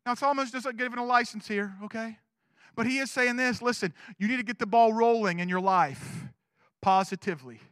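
Male pastor, very high voice, animated sermon delivery, dry close sound. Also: brisk, smooth, no echo. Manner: animated, swings between loud urging and hushed asides. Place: church.

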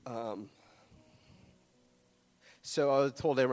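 Emotional young preacher in a reverberant hall. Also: male voice, medium pitch, a little slow, faint music behind. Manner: earnest, emotional, fighting tears; loose, conversational, many fillers and restarts. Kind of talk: sermon.

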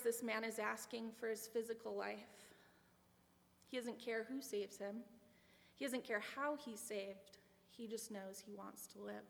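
A woman's voice: on the high side, creaky, fairly bright tone. A woman giving a sermon, earnest and reflective, with a personal story. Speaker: preacher. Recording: long hall reverb.

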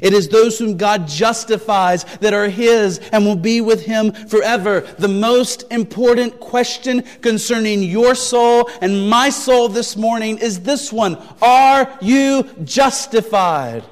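A high-voiced man preaches as pastor with fairly even intonation, deliberate and emphatic, repeating key phrases and asking searching rhetorical questions; a long reverb tail follows his words.

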